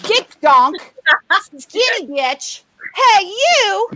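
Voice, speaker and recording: A woman hosting a live comedy game show over a video call, riffing fast and swearing freely. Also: very high-pitched, sing-song, pushed and bright, slight background noise.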